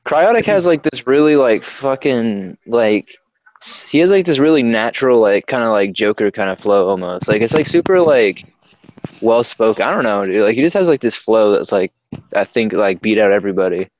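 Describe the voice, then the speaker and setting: A man's voice: lowish voice, lively intonation, moderate pace, a little mellow, poor audio. A young man, a horror story narrator, chatting casually with a friend, laid-back, swearing freely and filling his talk with "like". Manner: laid-back, swears freely, many fillers, laughs often. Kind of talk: casual chat.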